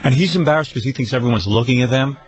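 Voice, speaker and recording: A man's voice: mid-range voice, rapid-fire, husky. A man hosting a radio show, telling rambling self-mocking stories with lots of restarts. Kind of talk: casual radio talk.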